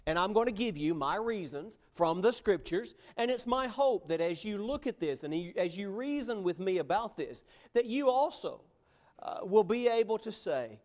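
Male preacher, higher voice, sermon delivery, plain and earnest, emphatic slow stresses. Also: lively intonation, darkish tone.

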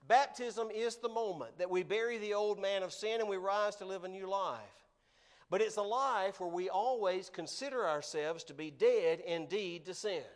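Male preacher, high voice, earnest and emphatic sermon delivery. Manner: earnest, emphatic, slows for stress.

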